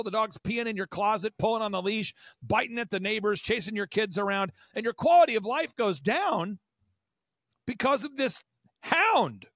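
An American man in his forties appears as a podcast guest, giving enthusiastic business advice at a fast, animated clip and acting out the voices he quotes. His voice runs slightly high for a man, and the recording is very dry with no room sound.

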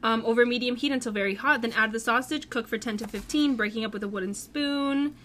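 A young woman with a slightly high voice, dry and teasing as she reads steps and jokes while cooking. Faint noise runs under the home kitchen recording. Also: fast talker. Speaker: co-host of a cooking podcast.

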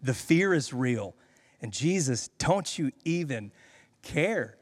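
A male pastor preaching a sermon, swinging between loud, pleading questions and hushed, steady reassurance. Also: on the high side, a little slow, big-room sound.

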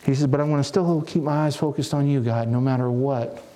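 A man's voice: mid-range voice, brisk, dark tone. A man preaching a sermon in an earnest, reflective way, often restarting his phrases.

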